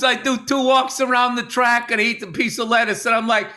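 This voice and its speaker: A man's voice: very high-pitched, steady tone, brisk, pushed and bright. A middle-aged man co-hosting a podcast, riffing in profane, needling banter. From United States. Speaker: podcast co-host. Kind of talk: casual comedic chat.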